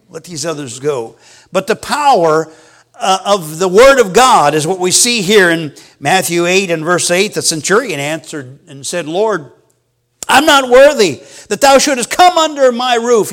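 A man's voice: high voice, a bit bright. A male pastor preaching a Sunday sermon, acting out scripture quotes with dramatic emphasis.

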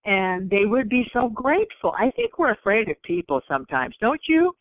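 A woman's voice: mid-range voice, sing-song, moderate pace, no echo. Woman guest, earnest storyteller, on a phone-quality line. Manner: earnest, acts out her own quotes. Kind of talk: storytelling in conversation.

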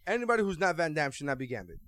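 High-voiced, fast-talking blunt man. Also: sing-song, crowd noise. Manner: blunt, argumentative, swears, repeats points. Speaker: podcast co-host. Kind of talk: casual chat about movies.

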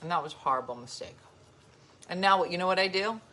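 A woman's voice: fairly low pitch, animated, fast, sharp tone, a little hiss or hum. A woman vlogging at home in casual chat, rambling and playfully grumpy while sharing snacks with her dogs.

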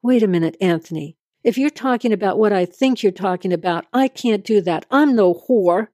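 A woman's voice: mid-range voice, lively intonation, moderate pace, dark tone, no echo, studio quality, natural voice. A woman voicing a nervous young woman in debt, pleading and shaky.

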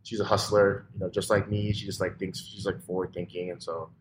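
A man, a restaurant owner, chatting casually as a podcast guest, loose and full of fillers, often trailing off quietly. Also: low-pitched, flat delivery, brisk, background noise. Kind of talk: casual interview chat.

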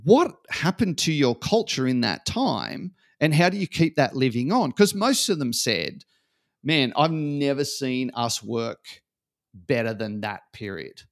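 Male podcast guest, mid-pitched, conversational storyteller. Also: a little slow. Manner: animated storyteller acting out quotes.

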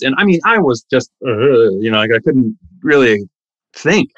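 A middle-aged man telling stories casually as a guest, animated, acting out the voices of the people he quotes with big jumps in pitch. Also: moderate pace, no room sound, muffled recording. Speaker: actor guest. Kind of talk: casual anecdotal storytelling.

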